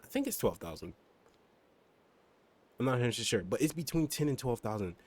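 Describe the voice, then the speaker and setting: Chatting while gaming, a young man with a husky, mid-range voice talks fairly quickly with big pitch swings. He rambles casually on the stream about his motorbike and car, using lots of fillers and mild swearing.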